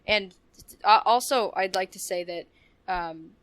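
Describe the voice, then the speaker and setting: A woman's voice: medium pitch, unhurried, a bit bright, no room sound. A woman co-hosting a casual podcast, chatting in a rambling, gushing way with frequent restarts and giggles. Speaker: podcast co-host. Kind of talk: casual podcast chat about video games.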